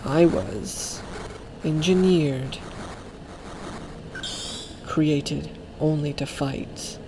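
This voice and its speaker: A man reading as a menacing engineered Pokemon, speaking slowly and quietly. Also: a little high, vocal fry, noisy background, heavily acted. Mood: ominous.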